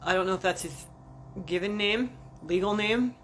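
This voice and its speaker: A woman's voice: mid-range voice, normal speed, fairly bright tone, a little hiss or hum. A woman vlogger chatting casually and profanely on a livestream, rambling and talking to viewers like friends.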